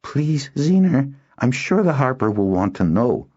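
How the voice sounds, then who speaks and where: A man voicing a quiet, steady young boy in an audiobook, speaking calmly and firmly. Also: fairly low pitch, pitched above the performer's own voice. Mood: thoughtful. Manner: calm, firm and measured. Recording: dull lo-fi recording.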